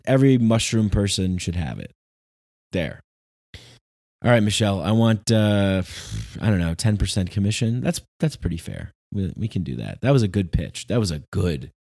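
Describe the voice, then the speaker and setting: A man hosting a podcast, talking in a loose, rambling monologue that turns sarcastic and animated. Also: lowish voice. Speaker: podcast host.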